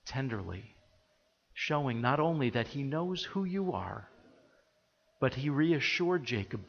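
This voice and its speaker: A man preaching a sermon, earnest and reflective, with soft pauses as he explains the passage. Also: mid-range voice, expressive. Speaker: pastor. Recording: dull audio with long hall reverb.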